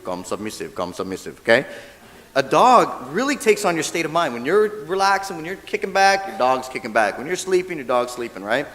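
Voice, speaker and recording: A man's voice: fairly high pitch, fairly quick. A male minister giving a casual, humorous dharma talk, often checking in with the audience. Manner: animated, acts out quoted voices, asks audience "right?". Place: church hall. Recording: long hall reverb.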